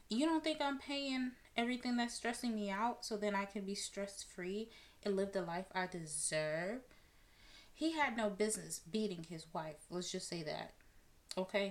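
Blunt, animated woman talking casually. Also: medium pitch. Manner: blunt, animated, swears freely. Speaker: podcast host. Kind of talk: casual commentary on celebrity news.

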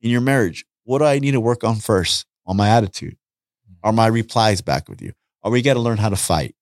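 A man talking casually on a podcast, an animated storyteller who acts out conversations and repeats his points. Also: lowish voice, brisk, dry recording, clean studio sound. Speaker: podcast guest, street preacher. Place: podcast studio.

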